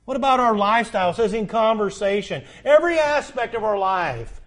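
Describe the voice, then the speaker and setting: Man, middle-aged pastor, sermon, a touch high-pitched, emphatic rising peaks. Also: expressive, brisk, a bit bright. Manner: preacherly, rising to emphatic peaks with repeated questions.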